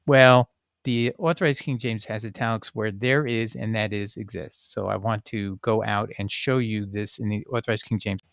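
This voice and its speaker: A man hosting his own channel, casually talking through a Bible passage and reading verses aloud, pausing often with fillers and restarts. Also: lowish voice, steady tone, vocal fry, clear, resonant tone, no room sound, studio quality. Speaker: Bible teaching channel host. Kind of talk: casual spoken Bible commentary.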